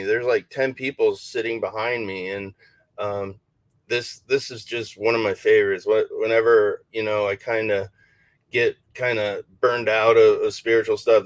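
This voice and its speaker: Halting, dry-sounding male podcast host. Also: on the low side, no echo, rough recording. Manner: halting, many fillers and restarts. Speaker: podcast host, paranormal investigator. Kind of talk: casual chat.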